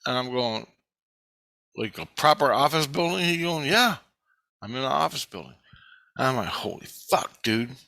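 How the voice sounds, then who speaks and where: This man's mid-range voice is creaky and sharp, expressive, at a normal speed with long pauses, and the recording has no room sound. He casually narrates his own story, cursing freely and acting out what people said.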